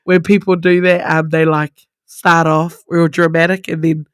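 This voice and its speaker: A woman's voice: low voice, level tone, normal speed, smooth, no room sound. A woman co-hosting a radio show, wry and teasing. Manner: wry, teasing, dry humor. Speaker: radio host. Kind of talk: playful radio banter.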